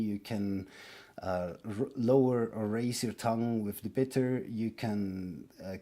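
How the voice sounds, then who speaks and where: A man's voice: fairly low pitch, dark tone. A man with a Swiss German accent giving a casual online pronunciation lesson, hesitant and full of fillers and restarts. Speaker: language teacher.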